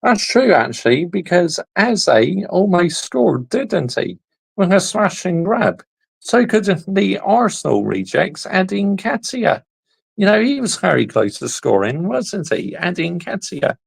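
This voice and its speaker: A man's voice: high-pitched, big pitch swings, measured pace, creaky, slightly rough, poor audio. A man hosting a casual football reaction video, talking bluntly with slang and the odd swear word.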